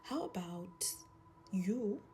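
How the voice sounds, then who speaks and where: A woman doing a quiet, cold Zimbabwean husband. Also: medium pitch, expressive, drawn-out words, a little hiss or hum. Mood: calm. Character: calm but cold, demanding adult husband.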